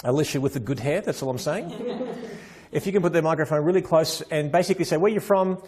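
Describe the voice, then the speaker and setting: A man's voice: a little high, expressive, quick pace, darkish tone, a little hiss or hum. A man hosting a live photography webinar, bantering and joking with the audience. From Greece. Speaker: webinar host. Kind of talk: casual live seminar chat.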